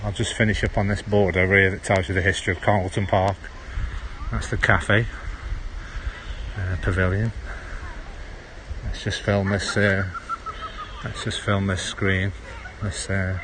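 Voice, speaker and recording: A man's voice: sits low, level tone, a little slow, long pauses, background noise. A man with a Stoke-on-Trent accent chatting casually while walking through an outdoor park on a phone livestream, dropping his H's. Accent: Stoke-on-Trent (Potteries). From Stoke-on-Trent, England. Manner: rambling, chatty, drops H's. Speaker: livestream host. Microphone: handheld phone.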